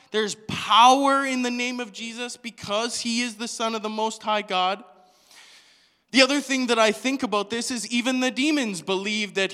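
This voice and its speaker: A man preaching a sermon in a church hall, animated, asking the congregation question after question. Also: sits high. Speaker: pastor.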